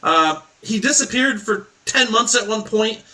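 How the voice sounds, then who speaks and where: A man's voice: high voice, lively intonation, a little slow, sharp tone, far from the mic, voice pushed up, heavily acted, low-quality recording. Man doing a frightened pleading orc captive. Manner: pleading, stammering. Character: frightened captured male orc informant.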